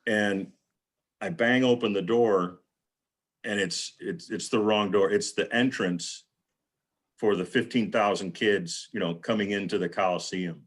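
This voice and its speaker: He talks unhurriedly in a fairly low pitch, a guest on a live video panel recorded over a video call. His anecdote is rambling and casual, with people's words acted out.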